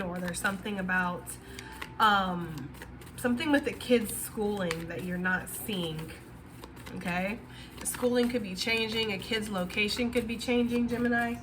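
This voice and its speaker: A woman's voice: mid-range voice, noisy background. A woman giving a casual, rambling tarot reading, talking straight to her viewers. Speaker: tarot reader.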